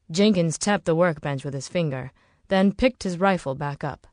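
A woman narrating a novel in a steady, measured way. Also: low voice, no room sound, studio quality. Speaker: audiobook narrator. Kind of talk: scripted narration.

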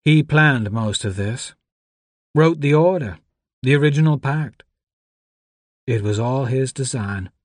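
A man reading aloud who voices a tearful young woman grieving a mentor, speaking softly with a lifted pitch. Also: slow pace, pauses often, no echo. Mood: earnest.

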